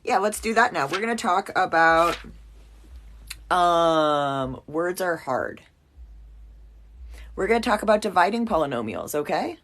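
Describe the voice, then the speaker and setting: A woman's voice: lowish voice, big pitch swings, measured pace, long pauses, fairly bright tone. A woman giving a casual, playful math lesson at a whiteboard, chatty and joking at herself as she works. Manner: playful, chatty, self-mocking asides. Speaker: math teacher.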